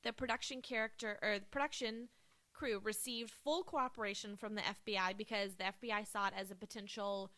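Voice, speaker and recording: A woman's voice: mid-range voice, fairly even intonation, a little fast, pushed and bright. A woman co-hosting a casual movie podcast, gushing with enthusiasm and peppering her talk with "like" and "um.". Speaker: podcast co-host.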